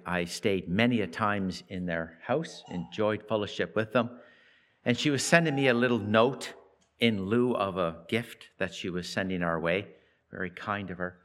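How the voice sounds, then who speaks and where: A man giving devotional Bible teaching, reading scripture with lifted emphasis and talking reflectively with halting repeats. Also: on the low side, a bit bright. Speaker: preacher.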